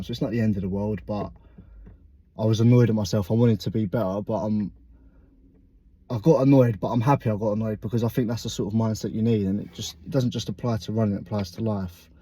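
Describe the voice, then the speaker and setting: A man's voice: on the low side, dark tone, no room sound. A young man vlogging after a workout, a bit out of breath, talking in a rambling, self-critical, reflective way. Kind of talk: casual vlog monologue.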